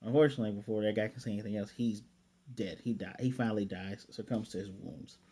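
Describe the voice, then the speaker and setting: A man giving a casual, chatty recap of an anime episode, loose and animated, with fillers and self-corrections. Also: fairly low pitch, quick pace, husky. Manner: animated retelling, often paraphrasing the characters' lines. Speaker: anime reviewer.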